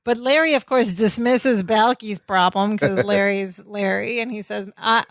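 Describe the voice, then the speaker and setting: A woman's voice: medium pitch, unhurried, dry recording. A woman co-hosting a podcast, recapping a sitcom in casual chat, quoting characters and laughing along. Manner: chatty, laughs often, quotes characters. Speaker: podcast co-host.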